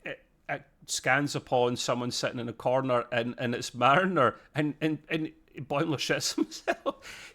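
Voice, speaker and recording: A man talks through an episode in a relaxed podcast chat. His voice sits at an ordinary middle pitch, and he rambles warmly between ums and laughs. He sounds like a fan recapping to a friend. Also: a little slow. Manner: chatty, laughing, filler-heavy. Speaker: podcast co-host. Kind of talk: casual review chat.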